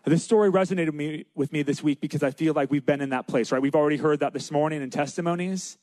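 A man's voice: on the high side, fast talker, a little mellow, no room sound. A man preaching a sermon in a casual, conversational way, with asides to his listeners. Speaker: pastor.

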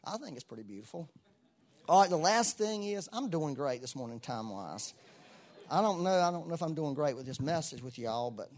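A man preaching a sermon to a church congregation, moving between soft asides and loud exclamations. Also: a little high, animated, a little fast. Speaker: pastor.

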